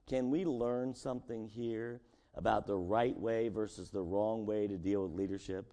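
A man's voice: on the low side, moderate pace, warm tone. A man preaching a sermon as pastor, talking casually and asking his congregation rhetorical questions. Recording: long echo of a large hall.

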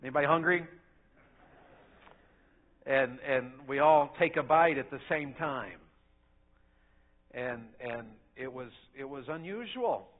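A middle-aged man, preaching a sermon in a folksy storytelling way that swings between loud and soft. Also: medium pitch, lively intonation, a little slow, slight background noise. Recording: phone-like narrow sound.

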